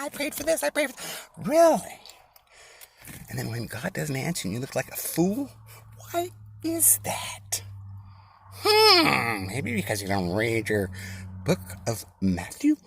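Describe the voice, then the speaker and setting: A man preaching an informal sermon in a mocking, conspiratorial tone, dropping into whispers and then rising to loud outbursts. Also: medium pitch, gravelly, breathy edge. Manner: swings between hushed whispers and loud, sarcastic exclamations. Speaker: self-made online preacher.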